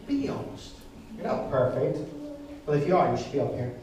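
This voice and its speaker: A man's voice: on the high side, big pitch swings, a little slow, dark tone. A man preaching a sermon, earnest and personal, speaking straight to the congregation. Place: church hall. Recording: echoey hall, distant mic, noisy.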